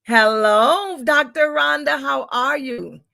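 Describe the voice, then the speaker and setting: A woman's voice: high voice, slow, creaky, bright, forceful tone, no room sound, clean studio sound. A woman hosting a live-streamed talk show, effusive and churchy, calling her viewers y'all.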